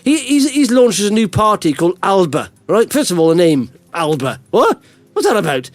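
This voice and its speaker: A male podcast host who jokes and banters with an animated, laughing delivery. His voice sits high and swings widely in pitch, recorded dry and close with no room sound. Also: moderate pace, dry recording. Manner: jokey, animated, lots of restarts and laughs. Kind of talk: casual banter.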